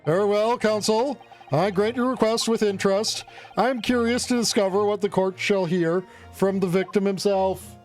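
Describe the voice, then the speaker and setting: A stately judge presides with formal, courteous speech, as a man reads him. The voice is high and even, with faint music under it. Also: normal speed, natural voice. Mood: grave. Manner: formal and ceremonious.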